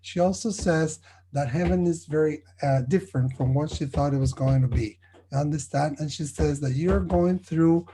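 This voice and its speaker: A man serving as a spiritualist medium, delivering spirit messages at a service in an earnest, halting way, often checking in with his listeners. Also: a little high, warm tone, a little hiss or hum, rough recording.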